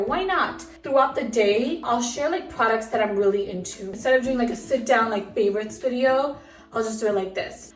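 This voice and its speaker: A woman's voice: fairly high pitch, distant mic. Breathless chatty young woman, echoey room. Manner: chatty, upbeat, many fillers. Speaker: vlogger. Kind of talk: casual chat to a phone camera. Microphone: phone camera.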